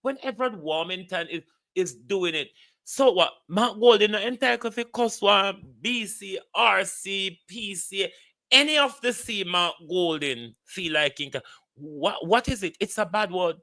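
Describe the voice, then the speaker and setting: A man's voice: sits high, measured pace, sharp tone, no room sound. A Jamaican man vlogging heated political commentary, ranting bluntly and swearing freely.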